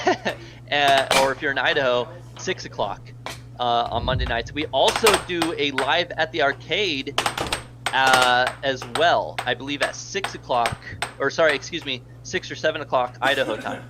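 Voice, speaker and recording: A man's voice: mid-range voice, moderate pace, heavy background noise. A man with an American accent doing live play-by-play air hockey commentary, nearly losing his voice, rambling and thanking donors. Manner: rambling, chatty, thanks donors between plays.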